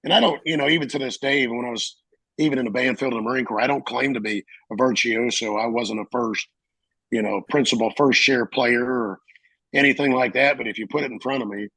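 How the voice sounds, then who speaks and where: A middle-aged man, a veteran guest, telling stories in a casual, animated way on a podcast. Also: mid-range voice, fast talker, slightly rough, dry recording, low-quality recording. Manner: animated, acts out quoted officers in loud bursts. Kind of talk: casual storytelling.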